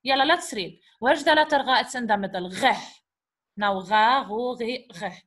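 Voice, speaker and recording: A woman teacher, her voice sitting a little high. She walks learners through sounds patiently, repeating syllables slowly and checking in with questions. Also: fairly bright tone. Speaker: Arabic teacher. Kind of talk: teaching an Arabic letter lesson in English.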